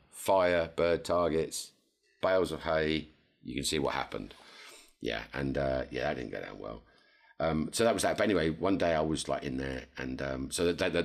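A very deep-voiced man tells a rambling story on a casual podcast. He is animated and jumps sharply higher whenever he quotes someone. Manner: animated, jumps to high pitch when quoting others. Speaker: podcast co-host.

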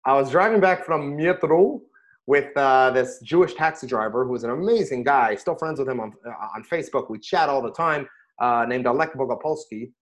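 A middle-aged man, a rabbi, chatting casually about scripture and telling stories with lively bursts when he quotes himself. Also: mid-range voice, brisk. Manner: animated storyteller, rises sharply when quoting himself. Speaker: rabbi and podcast host. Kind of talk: casual Torah discussion and storytelling.

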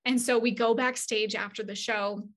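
Bright, chatty woman telling stories. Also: on the high side, moderate pace. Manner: animated, acts out quoted dialogue; many fillers and restarts, chatty. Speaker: agency CEO, interview guest. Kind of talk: casual conversational storytelling.

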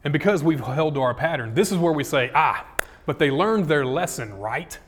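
A man preaching a casual, jokey sermon, acting out scripture quotes with dramatic swings in loudness and pitch. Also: lively intonation, moderate pace, slight background noise. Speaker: pastor.

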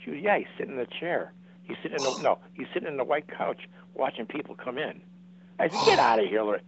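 A man's voice: mid-range voice, expressive, quick pace, breathy edge, no echo. Older man telling a story over a phone line. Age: 70s. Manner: rambling, repeats and restarts, acts out quotes. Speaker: guest. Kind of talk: casual storytelling. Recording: dry tinny phone-like line.

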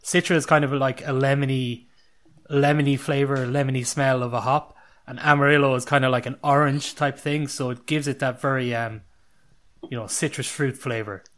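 An Irish man on a beer podcast, calmly explaining the hops in a beer. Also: mid-range voice, normal speed. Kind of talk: casual chat.

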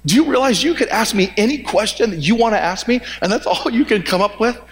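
A man's voice: sits high, expressive, fast talker. A man preaching plays an exasperated male teacher scolding his followers in a mock-indignant, incredulous way. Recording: echoey hall with long reverb.

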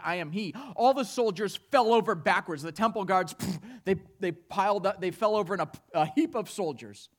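A man preaching a sermon, telling stories with animated swings between hushed and loud delivery. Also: high-pitched. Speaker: pastor.

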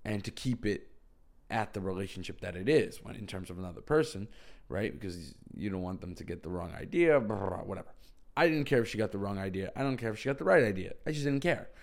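Gravelly young man rambling to camera. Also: lowish voice, animated, quick pace. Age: young adult. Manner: rambling, heavy use of "like". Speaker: vlogger. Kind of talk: casual storytelling to camera.

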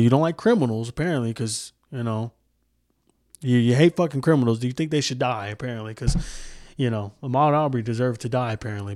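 A man's voice: mid-range voice, a little mellow, no echo, clean studio sound. A young man hosting a solo podcast, talking casually in a heated, profane, rambling way with many restarts. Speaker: podcast host.

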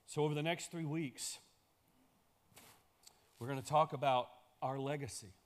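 High-voiced pastor preaching emphatically. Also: male voice, unhurried. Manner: emphatic, builds through repeated phrases. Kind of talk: sermon.

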